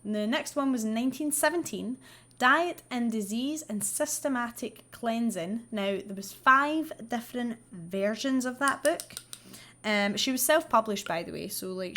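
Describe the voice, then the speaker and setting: A woman's voice: medium pitch, normal speed, a bit bright. A woman, the host, telling a true-crime story in a chatty, sweary way with wry asides while she does her makeup. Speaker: vlogger.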